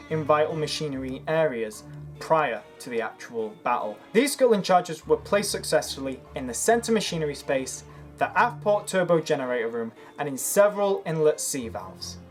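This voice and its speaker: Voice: mid-range voice, lively intonation, normal speed, faint music behind. A channel host reading a scripted history narration, earnestly building an argument point by point. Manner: earnest, argumentative, making a case. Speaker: history video creator.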